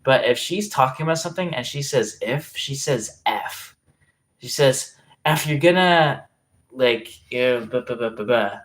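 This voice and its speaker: Casual livestreamer, mid-pitched voice, talks in fits and restarts, reacts to chat. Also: normal speed, few pauses. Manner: rambling, self-interrupting, reacting to chat messages; swearing freely.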